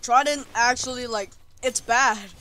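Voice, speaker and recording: A speaker giving live gameplay commentary, trash-talking opponents and swinging between low mutters and sudden yells. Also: measured pace. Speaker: gamer.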